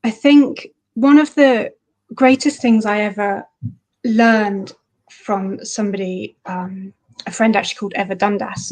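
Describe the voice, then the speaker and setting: Woman author chatting in a live interview, pretty flat even voice, lots of ums. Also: medium pitch. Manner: thoughtful, rambling with fillers. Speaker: author guest. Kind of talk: livestream interview.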